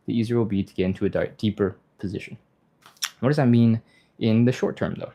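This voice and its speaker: Guy running a live stretch stream, mellow relaxed voice, chatty and laughy, explains everything as he goes. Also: quick pace. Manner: casual, chatty, explains step by step, laughs often; acts out panicky inner voices in a high yelp. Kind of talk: live-streamed workout instruction, reading chat.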